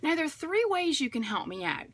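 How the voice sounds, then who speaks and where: A woman coaching direct sellers in a chatty, upbeat way, acting out phone calls in a brighter voice. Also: high-pitched, big pitch swings, brisk. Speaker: direct sales trainer. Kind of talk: motivational sales coaching talk.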